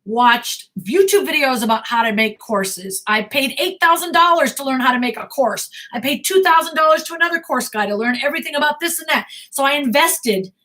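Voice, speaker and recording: A woman's voice: sits high, pushed and bright. A middle-aged woman acting coach answering viewer questions in a blunt, emphatic way, often repeating herself.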